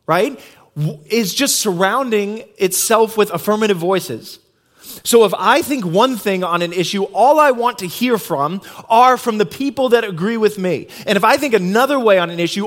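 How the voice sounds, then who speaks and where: A male pastor giving a sermon, retelling a story in a conversational, animated way. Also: high voice.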